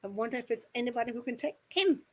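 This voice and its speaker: A woman's voice: on the high side, animated, very fast. Chatty, rambling woman medium. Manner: chatty, rambling, laughs often. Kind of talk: mediumship demonstration at a spiritualist service.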